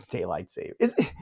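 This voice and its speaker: A man with a rather high, very animated voice hosts a live fantasy football show. He banters with his co-host and reads out viewer questions in a lively way. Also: vocal fry, slightly rough. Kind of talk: live sports chat show.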